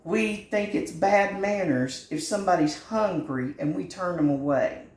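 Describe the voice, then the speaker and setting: A woman's voice: fairly low pitch, unhurried, a little mellow, echoey room. A middle-aged woman, hosting a home cooking channel in a folksy, earnest and sentimental chat from her kitchen. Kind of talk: heartfelt direct-to-camera chat.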